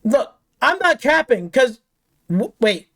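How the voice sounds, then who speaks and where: A woman's voice: high-pitched, big pitch swings, takes it slowly, fairly bright tone. A woman hosting a gaming channel, ranting off the cuff in a heated, profane way, repeating herself and firing rhetorical questions. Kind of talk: angry off-the-cuff rant.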